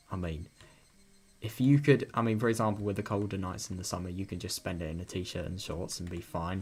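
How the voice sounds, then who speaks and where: A man's voice: sits low, a little hiss or hum. A man reading a visual novel aloud and breaking off into chatty, rambling commentary. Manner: rambling, chatty asides with frequent laughs. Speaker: let's-play reader.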